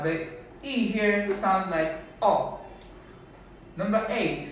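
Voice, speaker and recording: A man teaching a diction class, slowly repeating words to show how they are said. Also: high-pitched, fairly bright tone, slight background noise. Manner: slow, deliberate, repeats each word. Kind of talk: pronunciation lesson. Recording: very echoey room from a distance.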